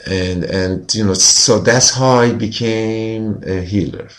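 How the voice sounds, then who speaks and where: Lower-voiced man telling his story. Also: slow pace, fairly bright tone. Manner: earnest, frequent "you know" fillers. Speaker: healer interviewed as guest. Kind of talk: personal storytelling in conversation.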